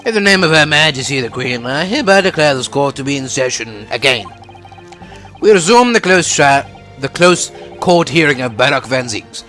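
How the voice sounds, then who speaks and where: A man voicing a formal, measured courtroom judge. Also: mid-range voice, sharp tone.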